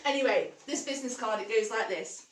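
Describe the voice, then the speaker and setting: A woman's voice: a little high, brisk. A woman co-hosting a casual live stream, enthusiastic and sweary, laughing often. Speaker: co-host. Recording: roomy, distant, slightly noisy stream.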